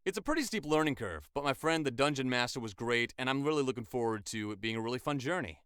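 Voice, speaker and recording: A man's voice: mid-range voice, expressive, fast talker, a bit bright, clean tone, no echo, studio quality. A man in his twenties, a voice actor, chatting enthusiastically in a casual vlog. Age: 20s.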